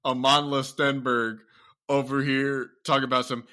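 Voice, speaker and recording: A man from the US hosting a casual podcast chat, talking in an animated, profane way and laughing often. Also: fairly low pitch, moderate pace. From United States. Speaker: podcast host.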